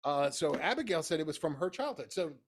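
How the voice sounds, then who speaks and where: Middle-aged man, podcast co-host with a slightly high voice, rambling and self-mocking, casual chat. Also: sing-song, a little fast, slight background noise. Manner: rambling storyteller, laughs at himself.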